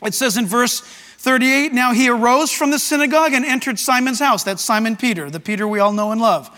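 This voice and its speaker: A man preaching a sermon as pastor, animated and breaking into shouts to act out scripture. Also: extremely high pitch, fairly quick. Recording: long reverb of a large hall.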